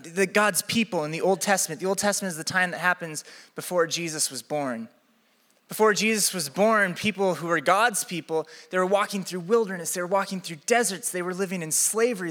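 A man preaching a sermon, telling a comic personal story with lively energy. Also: high voice. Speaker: pastor. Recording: echoey hall.

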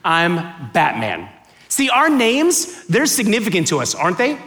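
A man in his thirties or forties from the United States, telling funny stories in a chatty, animated talk to a live, clapping audience. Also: extremely high pitch, moderate pace. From United States (Miami). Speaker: speaker giving a talk.

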